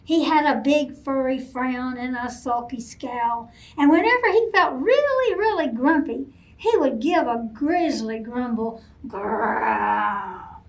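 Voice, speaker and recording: A woman, a children's librarian, reading a picture book aloud at bedtime, gentle and expressive, asking the kids questions. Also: high voice, unhurried. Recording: voice from a distance off mic.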